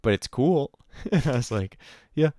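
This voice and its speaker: A man's voice: mid-range voice, animated, unhurried, mellow, no room sound. A young man hosting a casual esports podcast, chatting over a call and quoting people in playful voices. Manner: chatty, quotes people with put-on voices, laughs often. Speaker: podcast host. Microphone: call recording with a remote co-host.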